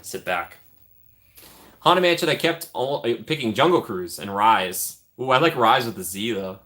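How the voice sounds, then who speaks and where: A man's voice: mid-range voice, expressive, normal speed, pushed and bright. A man hosting a casual live stream, joking around and thanking his chat. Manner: jokey, thanks chat often, trails off into asides.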